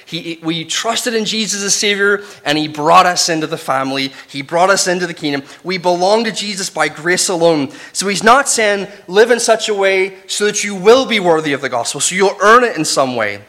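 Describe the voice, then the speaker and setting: A man from Northern Ireland with a softened Northern Irish accent, teaching from the Bible in a chatty, conversational way. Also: high voice, animated, normal speed, hardly any pauses. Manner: conversational, chatty, with restarts and asides. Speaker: preacher. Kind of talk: casual Bible teaching sermon.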